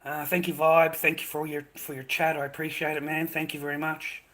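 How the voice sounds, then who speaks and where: A man's voice: fairly high pitch, flat delivery, a little fast, fairly bright tone. An Australian man ranting crudely to his livestream chat, peppering his talk with mate and swearing.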